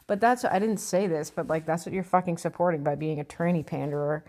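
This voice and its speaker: A woman's voice: lowish voice, fast talker, hardly any pauses, darkish tone. A woman vlogger reading out an article and commenting on it in a blunt, sarcastic, profane rant. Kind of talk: opinion vlog reading an article.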